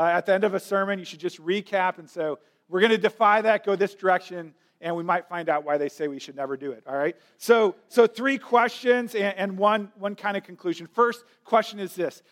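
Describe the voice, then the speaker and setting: Earnest high-voiced male preacher. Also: a bit bright. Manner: earnest, slows down to stress key lines, repeats words. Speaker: pastor. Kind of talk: sermon.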